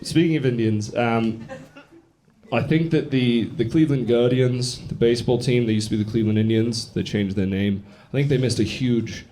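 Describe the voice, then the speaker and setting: A man's voice: medium pitch, moderate pace, a little hiss or hum. A young Englishman with an English accent doing a stand-up comedy set, brash, profane and mocking with the crowd, on a theater stage. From England. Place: theater stage before a live audience. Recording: live show with loud audience laughter.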